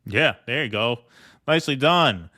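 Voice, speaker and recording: A man with a bright, sharp-edged voice talking through his commentary in a loose, halting way, padding his thoughts with fillers. His pitch sits in the middle for a man. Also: animated. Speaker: podcast host. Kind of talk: casual political commentary.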